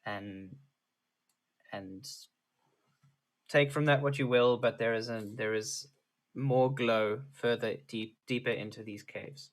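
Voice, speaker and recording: A man runs a tabletop game as dungeon master. His pitch sits in the middle range. He narrates haltingly, with many fillers and restarts. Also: fairly even intonation.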